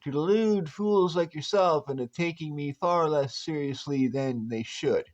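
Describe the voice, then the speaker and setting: A man voicing a grizzled old male desert prospector with a slow, folksy drawl, on a dull lo-fi recording. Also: a little high, pitched above the performer's own voice, lightly acted. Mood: menacing.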